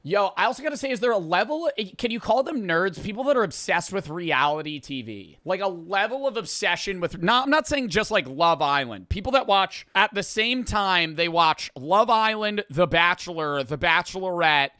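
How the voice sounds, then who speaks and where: A man's voice: high voice, animated, moderate pace, hardly any pauses, pushed and bright, dry recording, clean studio sound. A young male co-host in a casual chat, talking animatedly, swearing often and filling his talk with "like". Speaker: podcast co-host.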